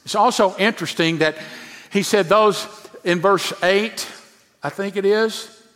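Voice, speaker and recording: Male pastor, high voice, emphatic sermon with hushed drops, long reverb in a church. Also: a little slow. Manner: emphatic preaching, often dropping to a hushed low voice.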